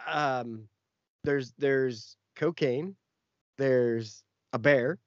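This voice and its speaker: Very slowly and at a medium pitch, a man co-hosting a podcast spins out a long story in casual conversation, full of fillers and rambling. The recording is dry, with the highs cut off.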